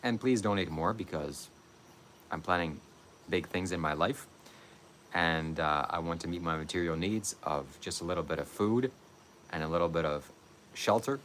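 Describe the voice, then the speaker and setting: Brief: very deep-voiced man, syrupy mock-spiritual donation pitch, faint hum behind. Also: normal speed, a bit bright. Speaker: comic guru on a livestream. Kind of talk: comedic livestream donation pitch.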